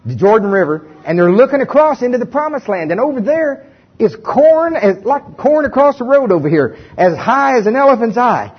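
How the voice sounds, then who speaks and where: A man preaches a sermon in an animated, folksy storytelling manner with a bit of humor. His high voice swoops up and down a great deal and has a husky edge. The recording sounds muffled and lo-fi. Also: moderate pace. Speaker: pastor. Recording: dull lo-fi recording.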